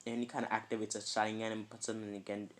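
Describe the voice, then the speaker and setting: A man tells a homemade fan story in a loose, rambling way, leaning on "kinda" and "like" as he goes. His voice sits a bit low, with a faint hiss of noise under it. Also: completely flat delivery, racing. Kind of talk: casual fan-fiction storytelling.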